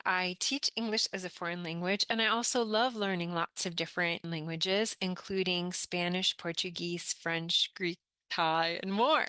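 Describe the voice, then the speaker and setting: Slow, bright-voiced woman English teacher. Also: lowish voice, clear, resonant tone, no room sound. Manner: repeats each word slowly and carefully for learners. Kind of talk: slow, clear teaching of pronunciation.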